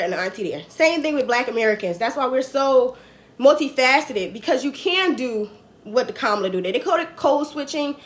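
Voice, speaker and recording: A woman with a New Jersey accent hosts a laid-back political commentary livestream. She rambles in a chatty, slangy way and restarts her sentences often. Her voice sits a little high. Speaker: host.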